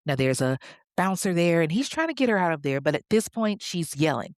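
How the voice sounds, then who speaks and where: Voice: medium pitch, sing-song, brisk, dry recording, studio quality. A podcast host narrating a true-crime story in a chatty way, with conversational asides.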